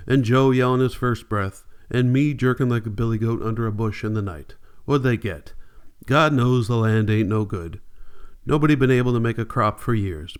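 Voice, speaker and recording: A bitter, grief-worn farmer pushed off his land, talking in rough country dialect, as a male reader gives him voice. The tone is smooth and resonant, at a middling pitch for a man, and the lines come out as a storybook reading. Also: natural voice. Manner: rough rural dialect, angry outburst.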